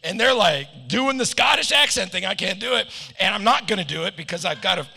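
A middle-aged American pastor delivers a sermon in a high, gravelly voice, slipping into playful joking asides. His tone is very bright and cutting, and it rings with long reverb off a hall. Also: lively intonation, fairly quick.

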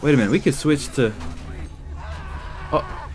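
A young man giving let's play commentary, loud and excitable, talking back to the characters on screen. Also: fairly high pitch, a little slow. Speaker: gaming YouTuber.

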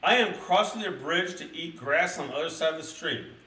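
A man voicing a small, timid young male goat from a storybook, pleading in a high, squeaky voice. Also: animated, brisk, sharp tone, roomy sound, distant mic, low-quality recording.

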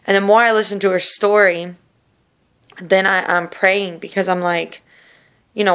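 A woman's voice: mid-range voice, fairly bright tone. A woman sharing a personal faith testimony in an earnest, casual storytelling way, often repeating words. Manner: earnest, repetitive, slow in places.

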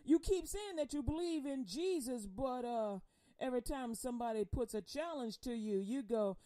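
A woman's voice: a little high, animated, normal speed, mellow, no room sound, studio quality. A woman performing spoken word poetry in a rhythmic, preaching delivery, speaking in the first person as Jesus with slangy, teasing confrontation.

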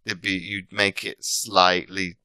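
Very deep-voiced British man, rambling. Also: little pitch movement, takes it slowly, sharp tone, clear, resonant tone, no echo. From Britain. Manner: rambling, frequent restarts and self-corrections. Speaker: podcast guest, coach. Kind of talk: casual interview chat.

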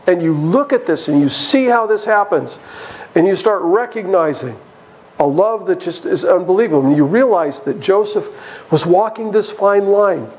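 A man's voice: high voice, animated, unhurried, a little mellow, poor audio. A man preaching a Bible study sermon in a church, emphatic and chuckling as he goes.

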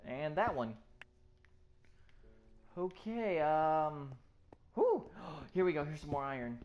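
A let's play gamer narrates live gameplay, jumping between startled yelps and muttered asides while swearing constantly. The voice sits at a middling pitch. Clear background music plays under the talk throughout. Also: big pitch swings, takes it slowly, darkish tone.

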